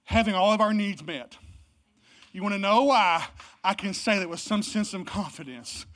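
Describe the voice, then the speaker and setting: A pastor preaching a Christmas sermon, swinging from loud, emphatic exclamations to low, hushed delivery. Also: normal speed. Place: church service.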